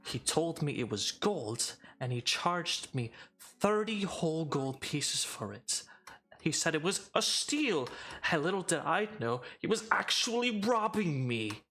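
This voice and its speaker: A man doing a shouting, furious drow elf. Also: a little high, sing-song, measured pace, voice pushed up, heavily acted. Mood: furious, accusing. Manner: shouting, raised and strained. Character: angry male drow customer, indignant, accusing.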